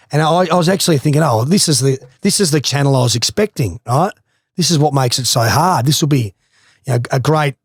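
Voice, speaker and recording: A man's voice: mid-range voice, no room sound, studio quality. A man with an Australian accent, a former footballer, casually telling a swimming story with laughs and swearing. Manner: animated, swears freely, laughs through stories.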